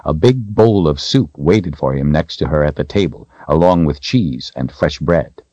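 A man narrates an audiobook in a very deep voice that moves freely through its range. The sound is dry, with no room at all, and comes across dull and lo-fi. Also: moderate pace, dark tone, no room sound. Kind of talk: scripted narration.

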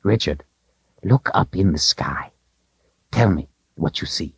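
An old storybook wizard with a thin, bony frame, proud and cryptic, his voice lifted well above the narrator's own as a man puts him on. He swings between ringing proclamations and sly, lowered asides, with a dry, close, slightly muffled sound. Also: very animated, a little slow, dry recording. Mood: wry, knowing. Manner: high, ringing proclamations, then wry, secretive asides.

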